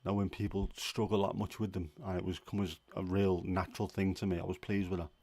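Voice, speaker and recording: A man from England hosting a casual livestream chat, answering viewers' questions in a relaxed, chatty way. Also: deep voice, brisk, no room sound. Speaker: livestream host.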